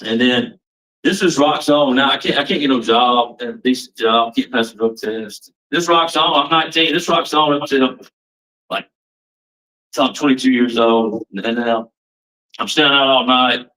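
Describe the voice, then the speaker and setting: A man's voice: mid-range voice, moderate pace, bright, forceful tone, far from the mic, poor audio. A man giving a rambling personal testimony, casual and full of restarts. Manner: rambling, restarts often, casual Southern phrasing. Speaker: testimony speaker.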